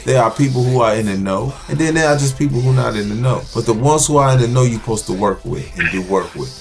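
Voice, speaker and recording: A man's voice: mid-range voice, expressive, quick pace, vocal fry, music in the background. A man talking bluntly and profanely in a casual podcast conversation. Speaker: podcast co-host.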